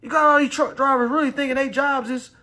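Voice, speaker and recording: A man, ranting loudly and preachily about banks, lawyers and people's rights, swearing as he goes. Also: very high-pitched, fast. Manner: loud, animated, preachy, swearing, mocking voices. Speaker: consumer advice live streamer. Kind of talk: heated ranting talk.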